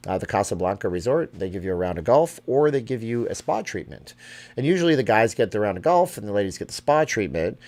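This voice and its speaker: Chatty middle-aged man hosting a live stream. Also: lowish voice. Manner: chatty, reads viewer questions aloud and answers offhand. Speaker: live stream host answering chat. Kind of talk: casual live chat.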